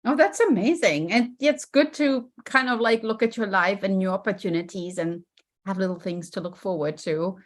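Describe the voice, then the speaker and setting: A woman's voice: medium pitch, moderate pace. A woman hosting a podcast interview, upbeat and encouraging, with frequent ums. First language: German. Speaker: podcast host. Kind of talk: casual interview chat.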